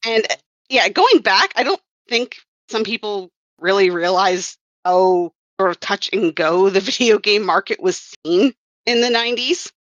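A woman's voice: medium pitch, lively intonation, measured pace, dry recording, muffled recording. A woman who worked as a comics writer and colorist, chatting casually on a podcast and rambling with wry self-corrections.

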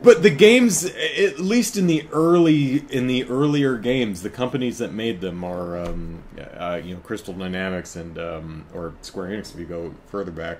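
A man's voice: on the low side, moderate pace, few pauses, darkish tone, a little hiss or hum. A man hosting a casual live podcast chat, rambling, laughing often and correcting himself as he goes. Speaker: podcast host.

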